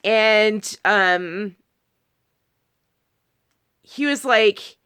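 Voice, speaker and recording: A woman's voice: medium pitch, drawn-out words, bright, forceful tone, clear, resonant tone. A married woman talking casually to camera, rambling through a personal story with many restarts and quoted asides. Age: adult, married. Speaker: video creator.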